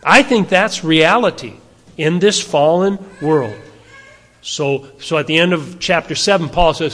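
Male pastor, high-pitched, casual rhetorical sermon style, long hall reverb. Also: measured pace, a bit bright. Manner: conversational, asks the audience rhetorical questions.

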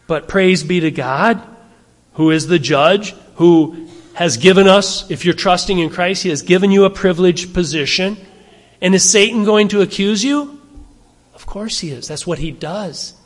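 A man's voice: high-pitched, normal speed, big-room sound. A man preaching a sermon, speaking conversationally and asking his listeners rhetorical questions. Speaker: pastor.

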